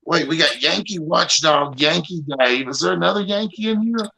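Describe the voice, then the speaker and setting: A man's voice: fairly high pitch, moderate pace, gravelly, sharp tone, poor audio. A man from Tennessee with a Southern accent, joking and drawling in a casual livestream chat. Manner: joking, drawling, does a mock Boston accent.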